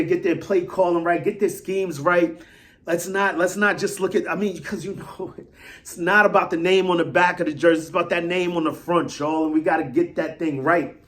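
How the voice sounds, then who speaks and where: A man giving casual solo commentary as a fan vlogger, rambling and animated, repeating himself and swinging between loud and soft. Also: on the high side.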